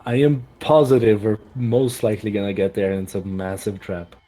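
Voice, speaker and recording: An insistent male player argues his case in a mellow, darker voice. Faint music runs behind him. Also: fairly low pitch, level tone, normal speed. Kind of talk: casual game chat.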